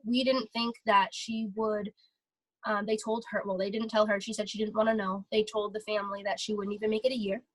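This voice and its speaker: A young woman talking casually and excitedly on a motivational vlog, full of fillers. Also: mid-range voice, fairly quick, no room sound, poor audio. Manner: chatty, filler-heavy, excitable. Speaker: vlogger.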